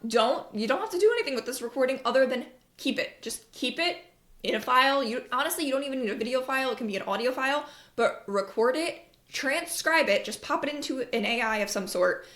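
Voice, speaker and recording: A woman's voice: sits high, fairly quick, fairly bright tone, echoey room. A woman hosting an advice podcast about marketing. She talks in a candid, chatty way, swears casually, and acts out the voices she quotes. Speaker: podcast host, marketing coach.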